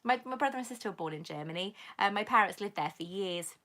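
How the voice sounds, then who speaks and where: A woman from Britain hosting a casual live-stream Q&A, reading viewer comments aloud and gushing warmly back at them. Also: mid-range voice, expressive, fast. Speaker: YouTube host answering viewer comments.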